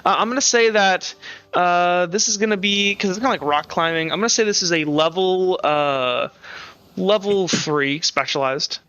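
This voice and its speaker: Man, game master, rambling, self-correcting, bright tone, lo-fi stream audio. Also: high-pitched, moderate pace, clear, resonant tone, dry recording. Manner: rambling, often correcting himself mid-sentence. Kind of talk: narrating a tabletop game on a live stream.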